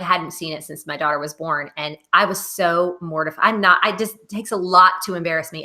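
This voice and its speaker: A woman in her thirties co-hosting a casual podcast chat, an animated storyteller. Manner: animated storyteller, acts out quotes in a high wail. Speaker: podcast co-host.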